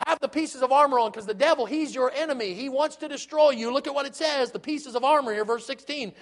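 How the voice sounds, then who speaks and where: A man's voice: very high-pitched, expressive, a little fast, hardly any pauses. A man preaching a sermon as a pastor, earnest, with rhetorical questions and repetition.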